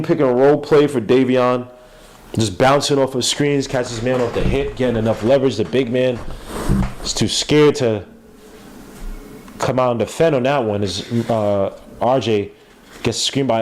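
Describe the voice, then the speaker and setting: Podcast host, male, mid-range pitch, stuffy nose, loose rambling play-by-play. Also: a little mellow, a little hiss or hum. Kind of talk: casual live game commentary.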